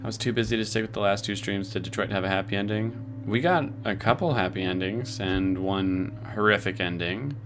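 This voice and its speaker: A man's voice: lowish voice, fairly quick, few pauses, background noise. A man streaming from home, casually chatting with his viewers in a laid-back way and swearing now and then. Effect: robotic voice filter. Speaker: streamer reading chat. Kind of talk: casual live-stream chat.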